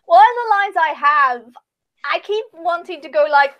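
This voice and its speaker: A woman chatting casually on a livestream, laughing often and acting out script lines in quick voices. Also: very high-pitched, expressive, a bit bright.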